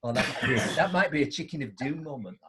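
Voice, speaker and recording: A man's voice: mid-range voice, animated, fast talker, crowd noise. A middle-aged man telling chatty anecdotes as a motivational speaker on a video call. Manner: chatty, anecdotal, keeps asking "right?". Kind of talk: storytelling on a live online show.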